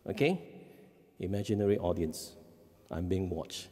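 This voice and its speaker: A man with a Singaporean English accent gives a parenting seminar talk as a family life educator, animated and often checking in with the audience. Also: low voice, unhurried. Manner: animated, acts out kids' voices, frequent "okay?" checks. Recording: long hall reverb.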